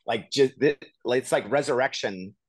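A man co-hosting a podcast, telling a long personal story in a casual, animated way full of "like" and "you know.". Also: mid-range voice, moderate pace, no echo. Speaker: podcast co-host.

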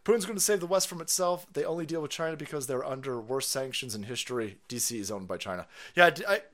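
A man's voice: medium pitch, lively intonation, quick pace, fairly bright tone. A man hosting a live stream, ranting in a profane, sarcastic way and laughing often. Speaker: streamer host.

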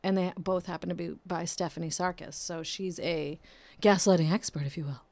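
A woman's voice: on the low side, steady tone, fairly quick, a little mellow, no room sound. A woman hosting a solo podcast, ranting casually, swearing often and mocking herself, talking close to the microphone. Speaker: podcast host. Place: home room, painters working outside.

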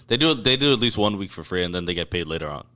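A man's voice: deep voice, expressive, very fast, pushed and bright. A man co-hosting a podcast in casual chat, joking and tripping over his words. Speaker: podcast co-host.

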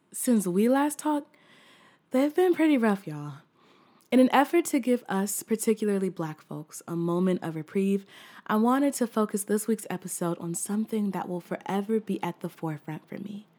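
Expressive woman hosting her podcast. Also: fairly low pitch. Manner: earnest and expressive, with easy laughs and casual slang. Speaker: podcast host. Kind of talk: scripted podcast monologue. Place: corner of her own room.

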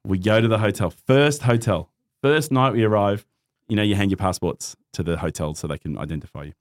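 Speaking brisk and on the low side, this Australian man in middle age shares a personal anecdote as a podcast guest. He's animated, performs the quoted voices himself, and laughs a lot throughout the casual conversation.

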